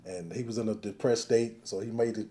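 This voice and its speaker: A man interviewing a guest, steady, murmuring along as he listens. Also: fairly low pitch, a little fast, background noise. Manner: steady, frequent murmured backchannel.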